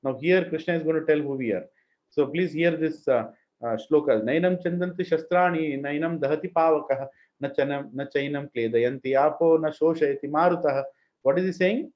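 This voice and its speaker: A man's voice: on the high side, fairly quick. A man with an Indian English accent teaching a scripture class, chanting Sanskrit verses and asking the class questions. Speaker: spiritual teacher. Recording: muffled lo-fi room recording.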